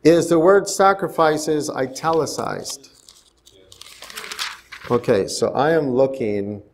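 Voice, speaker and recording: A man's voice: fairly high pitch, big pitch swings, slow, slight background noise. A male pastor giving a conversational bible study sermon in a church, often asking the congregation questions. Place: church sanctuary.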